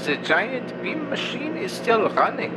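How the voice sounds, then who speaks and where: A man's voice: very high-pitched, big pitch swings, unhurried, heavy background noise, exaggerated voice. A man voicing a pompous male mushroom creature who calls in to a comedy show and speaks in a formal, grandiose way. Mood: boastful. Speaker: caller.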